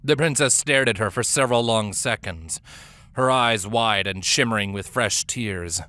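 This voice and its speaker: A man narrates a fantasy audiobook with steady, even storytelling. His voice is low yet bright and forward, and he reads at an easy, measured pace. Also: no room sound.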